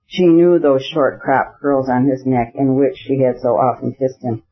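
A man narrating a classic novel as an audiobook in an even, measured reading voice; the recording is slightly muffled. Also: medium pitch, breathy edge.

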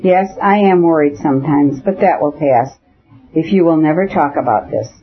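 A man's voice: fairly high pitch, normal speed, slightly rough. A man voicing an impassioned, proud noblewoman. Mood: pleading. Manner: ironic, then pleading and tender. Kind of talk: audiobook dialogue. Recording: dull lo-fi audiobook recording.

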